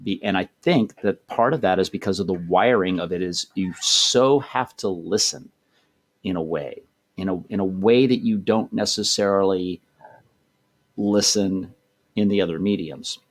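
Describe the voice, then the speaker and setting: Deep-voiced man talking shop. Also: unhurried. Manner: thoughtful, rambling with restarts. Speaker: voice director guest. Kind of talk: casual interview talk.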